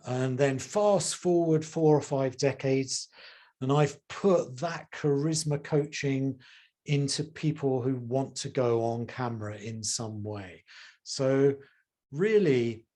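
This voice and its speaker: A man's voice: mid-range voice, takes it slowly, mellow. A man, a charisma coach and former actor, talking expressively as a guest on a video call from home. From England. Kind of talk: casual interview chat.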